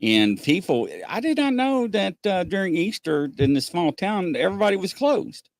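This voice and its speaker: A man co-hosting a casual livestream, chatting with viewers in an animated way and often laughing as he acts out conversations. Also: normal speed, no echo. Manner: animated, laughing, acts out quoted exchanges in a higher voice. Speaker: livestream co-host.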